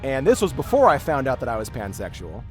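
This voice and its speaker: Faint music plays behind this game-stream host as he tells a story at a fast clip in a medium-pitched voice. His casual chat rambles, packed with fillers and frequent restarts.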